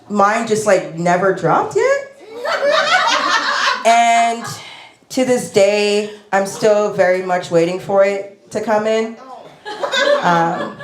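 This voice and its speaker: A woman's voice: mid-range voice, reverberant. A woman performing a stand-up comedy set on a lapel mic, rambling and self-deprecating with many fillers.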